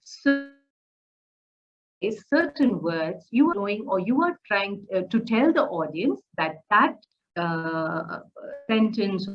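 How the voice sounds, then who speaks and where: A woman teaching public speaking in a recorded lecture, asking rhetorical questions and often using fillers. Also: medium pitch. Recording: slightly dull lo-fi audio.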